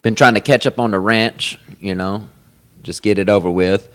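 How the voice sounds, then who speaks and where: Male podcast host, low-pitched, loose profane rambling talk. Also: fairly even intonation, normal speed. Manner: profane, rambling, swings loud with sudden laughs. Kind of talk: casual chat. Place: comedy club.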